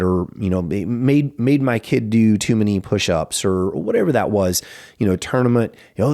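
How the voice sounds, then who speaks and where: A man's voice: moderate pace, darkish tone. A man who runs a martial arts school, talking casually in a podcast interview and telling stories with plenty of "you know" fillers. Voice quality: gravelly, creaky low voice.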